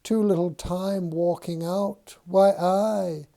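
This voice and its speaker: A man reading a novel aloud, voicing a cheeky talking shoe in a high-pitched, playful voice. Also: fairly even intonation, slow, creaky, dark tone, heavily acted. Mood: chirpy.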